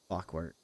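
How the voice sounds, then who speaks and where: A man hosting a livestream, chatting casually and telling a story in an animated way with lots of laughs. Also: on the low side, husky. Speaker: livestream host. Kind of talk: casual chat on a gaming stream.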